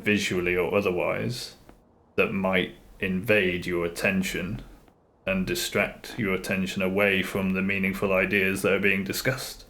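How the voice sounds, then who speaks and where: An earnest man chatting on a live stream, his voice sitting a little low. He rambles and circles back to the same phrases as he thinks aloud, in an easygoing, unscripted way. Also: a bit bright. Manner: earnest, rambling, repeats himself. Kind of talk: casual live-stream chat. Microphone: streaming mic, face off camera.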